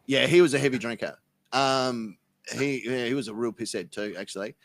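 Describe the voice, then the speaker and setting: An Australian man in casual podcast chat, telling tall tales with a deadpan delivery and plenty of swearing. His voice sits at a middle pitch and sounds close and dry, with no room sound. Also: a little fast, gravelly, no echo. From South Melbourne, Australia. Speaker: interview guest.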